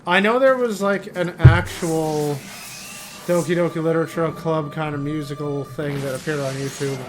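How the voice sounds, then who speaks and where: A man's voice: on the high side, normal speed. A man streaming and chatting casually, rambling and interrupting himself while he talks. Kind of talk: casual chat while gaming.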